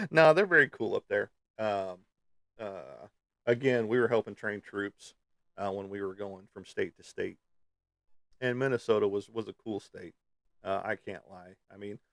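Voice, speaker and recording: Low-voiced rambling American man. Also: dry recording, studio quality. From United States. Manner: rambling, lots of ums and uhs. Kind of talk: casual chat.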